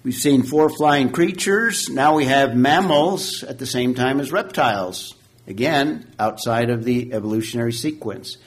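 A man teaches a Bible class in an unhurried, deliberate way, leaning hard on key words and pausing often. His voice sits at an ordinary male pitch, and the talk has the feel of a lecture. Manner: slow, measured, emphatic teaching with frequent pauses.

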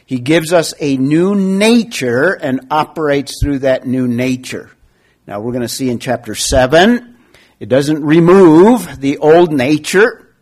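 A man teaching a Bible study class, explaining scripture in a measured way with rhetorical questions and emphatic stress on key words. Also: medium pitch.

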